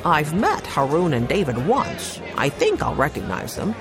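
A woman voicing a friendly adult man who guides the children, eager and lightly excited, in an audiobook. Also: low-pitched, normal speed, over music, a crowd in the background, full character voice.

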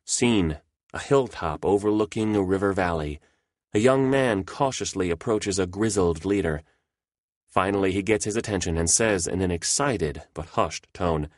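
A man's voice: sits low, lively intonation, moderate pace, dry recording, studio quality. A man narrating humorous history in a wry, playful way.

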